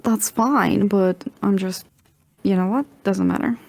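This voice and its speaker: A woman playing a tabletop game, talking in a brisk, matter-of-fact way. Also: medium pitch, creaky, a little mellow, dry recording. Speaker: player. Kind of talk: casual table chat.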